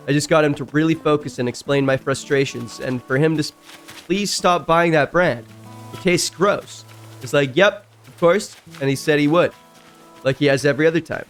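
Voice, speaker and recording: A man streaming a game, reading stories aloud and breaking in with loud, jumpy reactions. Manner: reacts loudly, jumps high in pitch. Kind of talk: casual reading and commentary while gaming.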